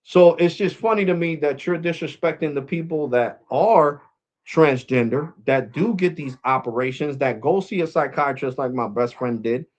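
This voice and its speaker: A man's voice: fairly high pitch, normal speed. A man vlogging, ranting to his viewers in a blunt, mocking way. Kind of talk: opinion rant to camera.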